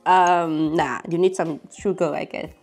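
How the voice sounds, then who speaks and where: A woman's voice: low voice, fairly even intonation, unhurried, a little mellow. A young woman, chatting casually and giggling as she tastes food for her vlog. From Vietnam. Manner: giggly, chatty, non-native phrasing. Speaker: vlogger.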